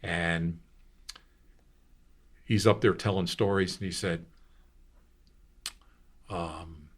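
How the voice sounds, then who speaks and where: Speaking very slowly in a low, steady voice, this sixty-something radio host rambles through anecdotes in relaxed conversation. He performs the quoted lines himself as the stories unfold.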